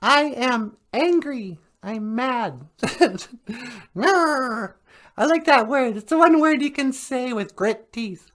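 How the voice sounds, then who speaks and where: A woman's voice: high-pitched, expressive, measured pace, a bit bright. A woman co-hosting a language podcast, playfully acting out feelings with hammy little sound effects. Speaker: podcast co-host. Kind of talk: playful acted examples.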